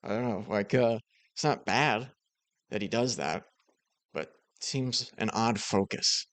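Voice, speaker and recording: A man reacting to a clip in casual commentary, relaxed and a bit hesitant with chuckling asides. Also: on the low side, unhurried, no room sound.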